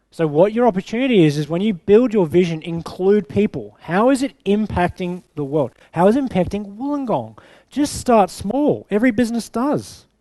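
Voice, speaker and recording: A man's voice: high voice, dark tone, dry recording. A man who is a business coach, giving a punchy bootcamp talk to a live audience, checking in with "okay?" and swearing for emphasis.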